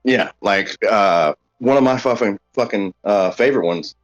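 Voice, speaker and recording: A low-voiced man swears freely and jumps into the conversation with quick, excited remarks. His voice comes through dull and lo-fi, with faint music behind. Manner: profane, excitable, quick interjections. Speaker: player. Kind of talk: casual chat over voice call.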